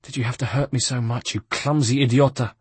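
A man's voice: medium pitch, steady tone, brisk, breathy edge, dry recording, voice pushed up. A man voicing a fiery wounded young woman thief who snarls and curses. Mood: furious. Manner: snarling, cursing.

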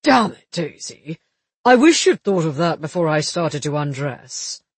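A husky, slightly raised voice belongs to a shrewd police detective, read by a man. He talks in a measured, matter-of-fact way with a dry, wry humour, recorded close with no room sound. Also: a little high, big pitch swings, no echo, heavily acted. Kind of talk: audiobook dialogue reading.

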